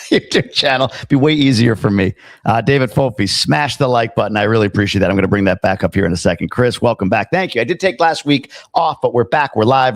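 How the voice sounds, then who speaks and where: A man's voice: on the low side, no echo, clean studio sound. A middle-aged man hosting a casual live stream, chatting loosely, reading out viewer comments and tossing in jokey asides. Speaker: livestream host.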